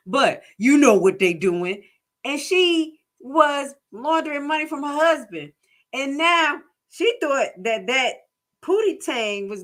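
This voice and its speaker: A woman's voice: a little high, fairly bright tone. A woman hosting a casual commentary vlog, rambling and joking with lots of asides and self-corrections. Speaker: commentary vlogger.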